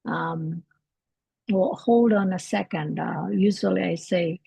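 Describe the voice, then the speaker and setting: A woman hosting a live English lesson from home, talking in a relaxed, halting way with many fillers and restarts. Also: lowish voice, gravelly, husky, dry recording, muffled recording. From Canada. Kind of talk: casual livestream teaching.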